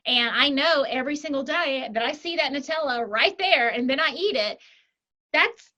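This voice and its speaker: A woman life coach talking as a podcast guest, animated, walking through example scenarios and checking in with frequent tag questions. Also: high-pitched, normal speed, rough recording. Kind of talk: conversational interview.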